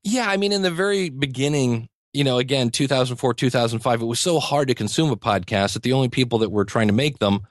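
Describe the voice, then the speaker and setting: Guest: man, middle pitch, eager and rambling, chuckles often, dry close sound. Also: fast talker, few pauses, no echo. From United States. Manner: rambling and enthusiastic, many restarts and chuckles. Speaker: podcasting teacher, guest. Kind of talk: conversational interview.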